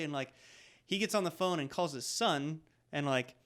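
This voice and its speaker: A man who is a guest on a podcast, telling a lively story and acting out the lines of the people in it. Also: fairly high pitch, fairly quick, smooth. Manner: animated storyteller, acts out what people said. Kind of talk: casual chat.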